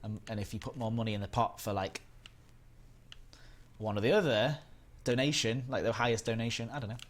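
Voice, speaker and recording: A man's voice: medium pitch, brisk. A man with a Northern English accent hosting a casual gaming live stream, rambling and chatting while reading out viewer comments. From England. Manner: rambling, chatty, reads chat aloud.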